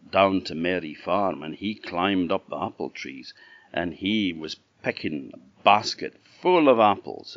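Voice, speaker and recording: Deep-voiced orkney man telling a folk tale, slow and expressive, dry dull recording. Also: dry recording. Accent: Orkney Scottish. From Orkney, Scotland. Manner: lively, expressive storyteller. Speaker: storyteller.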